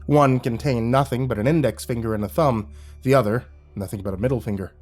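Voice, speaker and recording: Guy reading a scary story, steady, bit of music under it. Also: medium pitch, fairly quick. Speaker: horror story narrator. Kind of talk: scripted horror narration.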